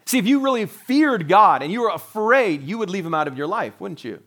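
A man's voice: high-pitched, expressive, brisk, fairly bright tone. A middle-aged man preaching a sermon, talking conversationally and acting out quotes in little voices. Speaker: pastor.

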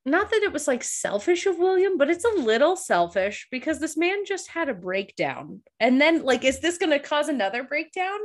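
A woman's voice: sits high, big pitch swings, moderate pace, hardly any pauses. A young adult woman co-hosting a casual recap podcast, emotional and tearful, laughing through her crying. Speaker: podcast co-host. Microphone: studio microphone.

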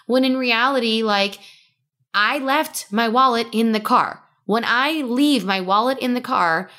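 Bright-voiced chatty young woman. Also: on the high side, unhurried. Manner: chatty storyteller, frequent "like" fillers. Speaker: podcast co-host. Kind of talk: casual podcast chat.

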